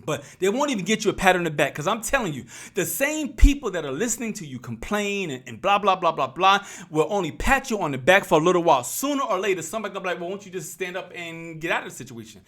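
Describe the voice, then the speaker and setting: A man's voice: high-pitched, sing-song, fast talker, hardly any pauses, a bit bright. A man, speaking in an impassioned, preachy vlog style and repeating his phrases for emphasis. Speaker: YouTube commentator. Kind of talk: impassioned motivational vlog talk.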